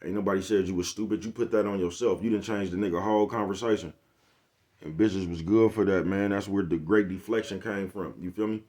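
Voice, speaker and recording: Male vlogger, lowish voice, loose slangy monologue, keeps checking in with his audience. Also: fairly even intonation, brisk, darkish tone. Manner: laid-back slangy rant, repeats "you get what I'm saying". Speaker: channel host. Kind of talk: casual vlog monologue.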